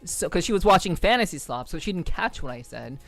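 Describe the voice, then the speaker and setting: A woman's voice: fairly low pitch, big pitch swings, a little fast, dry recording, faint music behind. A woman VTuber streamer chatting casually with her viewers, repeating phrases and swearing offhand.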